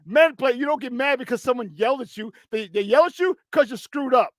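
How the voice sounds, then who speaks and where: A man hosting a sports talk show, ranting bluntly and profanely with a voice strained from yelling. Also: extremely high pitch, fairly quick, dry recording, studio quality. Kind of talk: sports talk radio rant.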